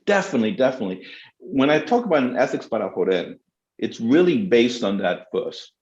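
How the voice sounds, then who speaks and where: A man's voice: medium pitch, very animated, brisk, darkish tone, roomy sound, muffled recording. A middle-aged man, a theologian answering questions in a panel talk, speaking with passion and emphasis.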